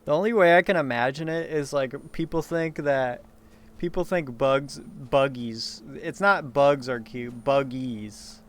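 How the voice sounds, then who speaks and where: A man's voice: a little high, normal speed, slight background noise. A man talking in a rambling solo monologue, meandering and profane, with frequent laughs and restarts.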